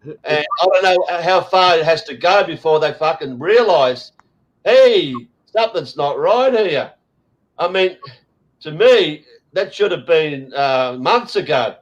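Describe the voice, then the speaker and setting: A man's voice: a little high, unhurried, rough recording. An Australian man hosting a casual chat, ranting bluntly with lots of swearing and fillers. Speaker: host.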